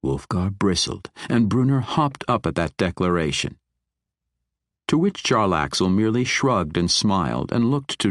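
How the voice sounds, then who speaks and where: A male audiobook narrator with a very deep voice reads scripted fantasy narration, his pitch still moving a lot. His reading is measured and expressive, recorded close to a dry microphone with no echo.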